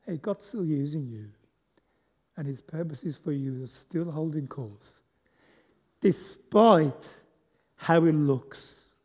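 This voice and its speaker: A man's voice: a little high, lively intonation, slow, long pauses, darkish tone, breathy edge. A man preaching as a guest speaker in a chatty way, asking the congregation questions and joking at his own expense. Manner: conversational, asks the congregation questions, self-deprecating humour. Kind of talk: sermon. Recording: long echo of a large hall.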